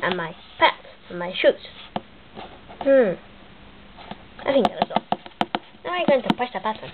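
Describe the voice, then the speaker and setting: A woman's voice: on the high side, measured pace. A woman voicing a childish, spiteful male plumber who plots against his brother, speaking broken English over a tinny, hissy line. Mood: gleeful. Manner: broken English, excitable narration of a toy skit. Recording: tinny lo-fi with loud hiss.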